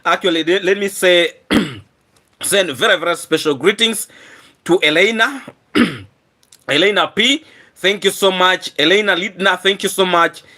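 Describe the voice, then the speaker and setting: Hoarse man hosting a live stream. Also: high voice, measured pace, long pauses, pushed and bright. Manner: repetitive, earnest thank-yous. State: hoarse, frequently clearing his throat. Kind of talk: casual live stream chat, thanking viewers.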